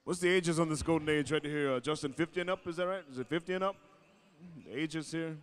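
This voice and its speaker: A man's voice: on the high side, fast, smooth. A man announcing at a powwow arena, easygoing and joking as he calls out names over a PA microphone. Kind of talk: live event announcing.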